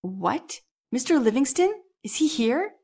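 A woman reading the part of a male English explorer caught off guard, firing off quick questions. The voice sits fairly high, in a plain storybook read. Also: sing-song, darkish tone, slightly rough, heavily acted. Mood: surprised. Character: surprised English explorer, man.

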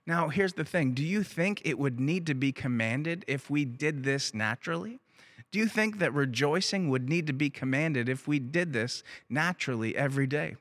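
A man's voice: a little high, expressive, normal speed, fairly bright tone. Emphatic pastor, a man preaching. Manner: emphatic, repeats phrases for weight. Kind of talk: sermon. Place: church.

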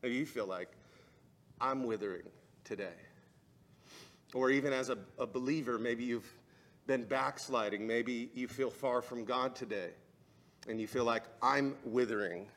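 A man's voice: medium pitch, steady tone, moderate pace, fairly bright tone. A man, a pastor, preaching a sermon and telling a personal story, building up to fervent preaching.

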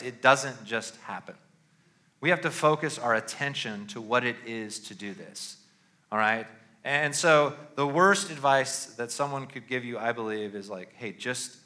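A man's voice: mid-range voice, pushed and bright. A middle-aged male pastor giving a sermon in a loose, conversational way, often checking in with "all right?".

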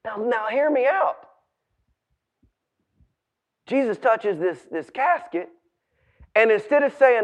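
A man in his forties preaching a sermon, telling a story dramatically, swinging from hushed tones to shouts and stumbling over restarts when excited. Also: very high-pitched, a little slow. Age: 40s. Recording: dull lo-fi sound.

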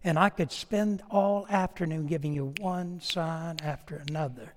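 A man preaching, his voice sitting high for a man. He tells stories folksily and with humor, then presses his point earnestly. A long hall reverb trails behind every phrase. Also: a little slow, a little hiss or hum. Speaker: pastor. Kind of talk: storytelling sermon.

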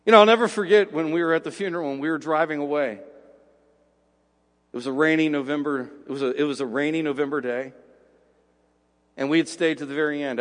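A man with a high, light voice preaches in a church sanctuary, his words ringing with a long reverb off the hall. He drops to a hushed tone when he tells a story, then slows right down and leans hard on each phrase to drive a point home. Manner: swings from hushed storytelling to slow, emphatic preaching. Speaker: pastor. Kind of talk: sermon.

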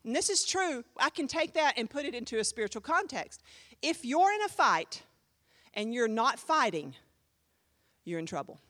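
Lively high-voiced woman pastor preaching. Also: moderate pace. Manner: emphatic, conversational preaching with sudden jumps in volume. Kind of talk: sermon teaching.

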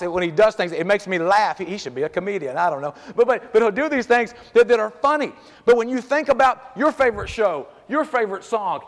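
High-voiced joking man preaching. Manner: lively, conversational, joking, peppered with "man". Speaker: pastor. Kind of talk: sermon. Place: church sanctuary. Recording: long reverb of a church hall.

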